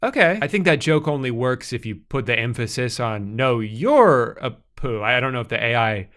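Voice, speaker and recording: A man's voice: mid-range voice, fairly quick, a bit bright. A man in his thirties giving scripted comedic commentary with sarcastic, incredulous asides. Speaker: comedy YouTuber.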